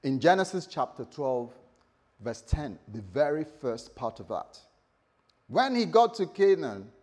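A man preaching a lively sermon, acting out voices and laughing as he tells the story. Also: mid-range voice. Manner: animated storytelling, acts out voices, laughs often. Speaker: pastor.

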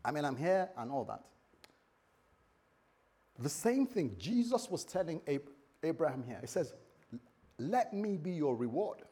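A man preaching a sermon, telling a story and acting out both sides of a conversation, dropping to a hush and then rising loud. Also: a little high, sing-song, measured pace, long pauses, husky. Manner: storytelling, acts out dialogue, swings from hushed to loud. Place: church hall with a congregation. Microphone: recorded for the church website.

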